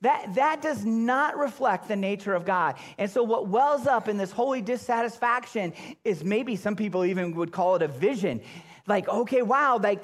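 High-voiced animated preaching man. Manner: animated, swings between loud emphatic bursts and low hushed lines. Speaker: pastor. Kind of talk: sermon.

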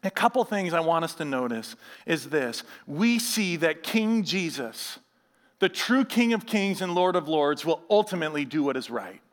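A man in his thirties or forties, a pastor preaching a sermon, telling stories with animation and reading scripture slowly. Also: on the high side, big-room sound. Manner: animated storytelling, acting out others' voices; reads scripture slowly and gravely.

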